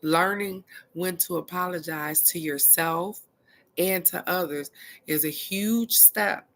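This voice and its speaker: Blunt, animated woman reading cards. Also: lowish voice, takes it slowly, a little hiss or hum. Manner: blunt and animated, cusses freely. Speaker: spiritual card reader. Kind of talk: casual tarot card reading talk.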